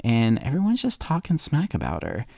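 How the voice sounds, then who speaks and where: A man's voice: medium pitch, wildly swooping pitch, normal speed, gravelly, darkish tone, dry recording, studio quality. A man on a podcast giving a rambling, sarcastic comedic recap of a movie. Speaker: podcast co-host.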